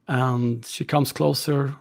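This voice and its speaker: A man's voice: medium pitch, steady tone, slow pace, vocal fry. A man narrating a tabletop game as game master, with hesitant fillers.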